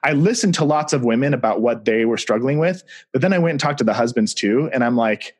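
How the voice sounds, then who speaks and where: A man with a slightly husky voice, guesting on a podcast as a relationship researcher. He tells stories with easy enthusiasm and fills his talk with casual "like"s. His pitch sits in the middle range. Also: lively intonation, fast. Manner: enthusiastic, casual, uses "like" a lot. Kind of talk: casual interview storytelling.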